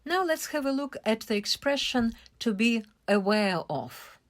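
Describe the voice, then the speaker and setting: Slow, lively-voiced woman teaching English. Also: fairly high pitch. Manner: slow, careful explaining with stressed syllables. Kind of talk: vocabulary lesson.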